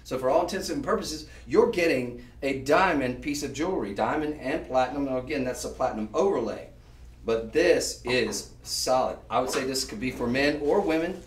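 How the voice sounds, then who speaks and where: A man hosting a live shopping show, chatting on and piling up descriptive words as he pitches. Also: lively intonation, moderate pace, distant mic, slight background noise. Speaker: shopping channel host. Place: shopping channel studio. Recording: roomy sound, voice off-mic.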